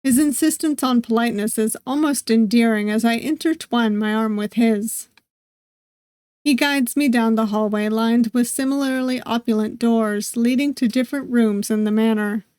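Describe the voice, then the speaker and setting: A woman streamer reading a visual novel aloud, with steady narration and playful asides. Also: on the high side, moderate pace, clear, resonant tone, dry recording, clean studio sound. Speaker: gaming streamer.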